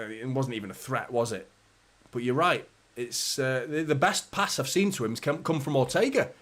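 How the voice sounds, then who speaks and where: A man's voice: mid-range voice, a bit bright. A man hosting a live match watchalong, chatting casually with viewers, bantering and swearing lightly. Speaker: fan channel host.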